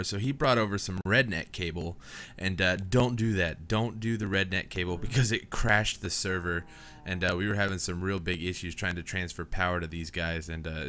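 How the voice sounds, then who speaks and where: A man's voice: low-pitched, sharp tone, slight background noise. Easygoing young man rambling through gameplay. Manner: rambling, easygoing, says "man" and "dude" a lot. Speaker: gaming channel host. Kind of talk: casual let's play commentary.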